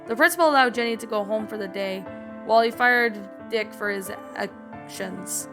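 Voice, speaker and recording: A woman reads a fan-made story aloud in a casual, slightly stumbling way, breaking in with her own reactions. Her voice sits a bit high, and faint background music runs underneath. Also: moderate pace. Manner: casual reading with small slips. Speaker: story narrator and reviewer. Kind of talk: reading a fan story with commentary.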